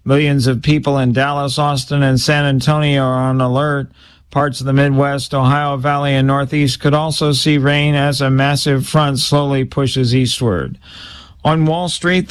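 A man anchoring a radio newscast in a crisp, measured read. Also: mid-range voice. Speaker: news anchor.

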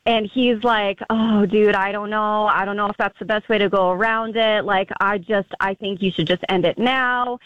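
A woman calling in to a radio show, telling a wild story in an animated way and laughing often. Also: medium pitch, normal speed, hardly any pauses, no echo, highs cut off. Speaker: caller.

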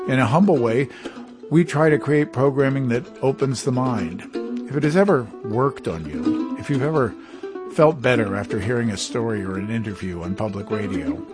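A male radio host reading a scripted link in a calm, measured voice. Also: medium pitch. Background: guitar music.

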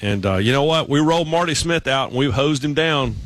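A man's voice: a little high, expressive, a little fast, fairly bright tone. A man co-hosting a radio show, chatting casually and telling stories with many restarts. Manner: rambling, storytelling with many restarts.

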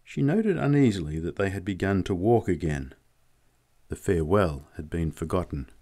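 A man narrating a story as an audiobook, in a measured, unhurried way. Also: deep voice, expressive, warm tone. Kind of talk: audiobook reading.

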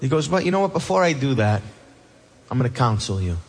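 A man preaching a sermon with passion, dropping low and soft and then rising loud. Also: very animated, fast. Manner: impassioned preaching, swings between hushed and loud. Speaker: pastor.

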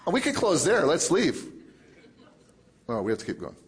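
A male pastor preaching a sermon, emphatic, with lots of repetition and big swings between loud and soft. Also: a little high, huge pitch swings, moderate pace.

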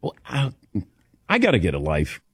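A man's voice: lowish voice, huge pitch swings, normal speed, fairly bright tone, husky, no room sound, studio quality. A middle-aged man from the American Midwest hosting a sports talk radio show, chatting and telling stories with easy laughs. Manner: chatty storyteller, laughs easily, calls on co-hosts by name.

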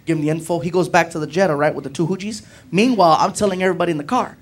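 High-voiced male stand-up comedian. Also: racing. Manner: animated, acts out voices. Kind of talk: stand-up storytelling.

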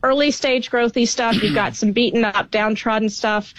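A woman market strategist answering an anchor's question in a measured, hedging, conversational way. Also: on the high side, steady tone. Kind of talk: interview commentary. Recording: dry, dull remote audio.

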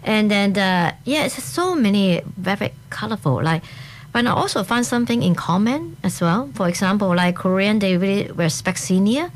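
Animated woman with a Hong Kong accent. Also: mid-range voice, normal speed. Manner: animated, speaks in short bursts with restarts. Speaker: guest. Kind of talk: casual interview chat.

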